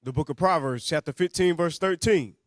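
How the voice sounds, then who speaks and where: A man reads scripture aloud in a formal King James cadence, calling out book, chapter and verse. His voice is high for a man. He sounds a little off-mic, in a dry space. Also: fairly quick, dry recording. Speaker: scripture reader.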